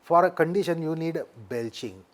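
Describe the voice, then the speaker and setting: A yoga teacher with an Indian English accent explains things deliberately in an interview, repeating his key points. His voice is on the high side.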